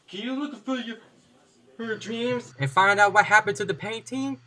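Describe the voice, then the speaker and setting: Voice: mid-range voice, moderate pace, sharp tone, voice pushed up, lightly acted. A storyteller voicing a worried friend who pleads with the heroine for help. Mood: pleading.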